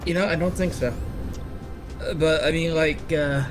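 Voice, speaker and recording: A man with a somewhat high voice drops in relaxed comments during a game stream. He speaks in a laid-back, casual way. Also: normal speed, over music. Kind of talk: casual chat.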